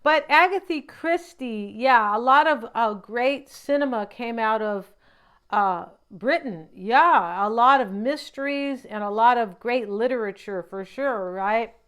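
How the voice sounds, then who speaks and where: Woman doing a casual tarot reading, rambling chatty asides, keeps saying right?, smooth clear voice. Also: a little high, unhurried, a bit bright. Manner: chatty, often ends thoughts with a questioning "right?". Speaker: tarot reader.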